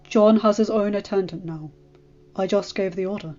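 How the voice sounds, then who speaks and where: A woman's voice: medium pitch, dark tone, lo-fi sound, natural voice. Woman voicing a stern grave lord. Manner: measured and firm.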